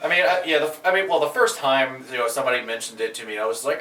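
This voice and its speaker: A man's voice: mid-range voice, fairly even intonation, racing, few pauses, sharp tone, echoey room, recorded from a distance. A man co-hosting a casual chat, rambling and restarting his sentences. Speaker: co-host.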